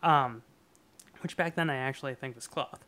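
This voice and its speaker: A man's voice: mid-range voice, normal speed, pushed and bright. A man co-hosting a podcast, chatting casually and rambling about a TV episode with lots of fillers and chuckles. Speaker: podcast co-host. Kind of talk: casual chat reviewing a TV episode.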